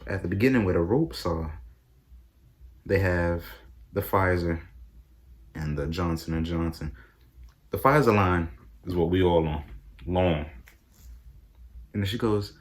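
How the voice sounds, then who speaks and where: A young man tells a casual vlog story and acts out his own reactions, jumping into high-pitched exclamations. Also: unhurried, long pauses. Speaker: vlogger.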